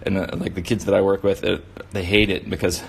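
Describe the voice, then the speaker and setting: This man's voice sits low and sounds gravelly and husky, with a flat, brisk delivery. He's a kids' drawing instructor leading a casual demonstration, rambling and encouraging the children and packing his talk with "you know" fillers.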